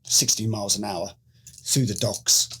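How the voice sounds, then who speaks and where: Unhurried and low-pitched with a breathy edge, this former special forces medic from the UK, now middle-aged, spins a story during a relaxed interview, performing the quoted lines with animation.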